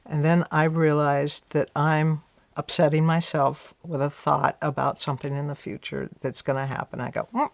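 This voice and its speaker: Reflective woman with a gravelly voice. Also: low voice, little pitch movement, moderate pace, no echo. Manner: reflective, frequent "you know" and restarts, acts out her own thoughts. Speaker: interview guest. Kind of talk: casual conversational interview.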